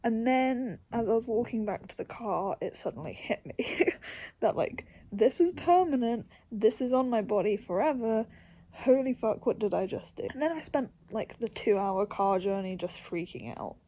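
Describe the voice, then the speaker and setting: A young woman vlogger with a fairly high, expressive voice chats casually to camera at a moderate pace. She rambles, pokes fun at herself, laughs a lot, and often slips into a soft half-whisper.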